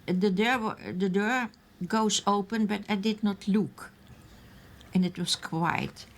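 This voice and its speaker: An older woman from Austria, an eyewitness in a documentary interview, recalls events slowly and haltingly while searching for English words. Her voice is medium-pitched with fairly even intonation.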